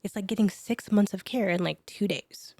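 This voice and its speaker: A woman with a mellow, warm voice tells a personal story as a podcast guest. She is animated and sometimes drops to a whisper for her inner thoughts. The sound is dry and close to the mic. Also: medium pitch, moderate pace, vocal fry, no room sound. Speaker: chiropractor guest. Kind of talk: storytelling in an interview.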